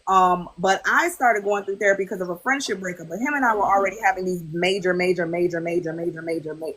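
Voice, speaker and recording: Female podcast host, animated storyteller. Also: fairly low pitch, fast, breathy edge. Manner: animated storytelling, acts out quotes. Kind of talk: casual chat. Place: livestream on a social app.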